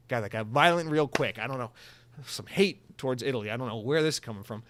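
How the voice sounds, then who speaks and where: A man's voice: mid-range voice, fast talker, dry recording. A young adult man hosting a solo podcast, rambling in a jokey, self-mocking way. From United States. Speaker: podcast host.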